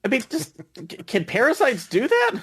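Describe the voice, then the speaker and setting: A man's voice: very high voice, huge pitch swings, normal speed, a bit bright, husky. A man playing a tabletop game, asking questions with curiosity. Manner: inquisitive. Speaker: player. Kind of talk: casual tabletop game play.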